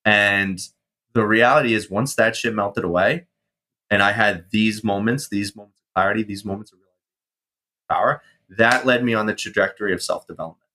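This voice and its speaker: A man in his thirties, a guest on an interview show, telling his story casually with swearing and animated reenactments of his past self. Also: fairly low pitch, moderate pace. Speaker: guest, mindset coach and firefighter.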